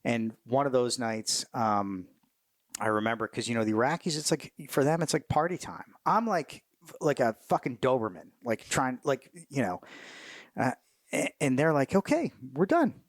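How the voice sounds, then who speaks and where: A middle-aged man, a military veteran, telling war stories in a casual interview, cursing freely, animated and laughing as he goes. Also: medium pitch, moderate pace, no echo, clean studio sound. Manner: profane, animated, laughs mid-story.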